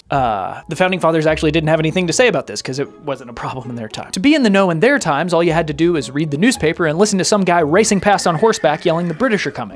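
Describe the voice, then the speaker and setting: A man hosting a comedy video who delivers a scripted monologue in a sarcastic, self-deprecating way. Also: fairly high pitch.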